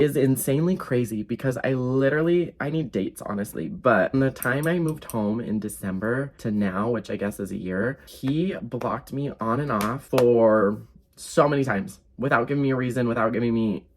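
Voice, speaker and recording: A young man vlogging a casual storytime, animated and sarcastic, with lots of fillers. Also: mid-range voice, moderate pace.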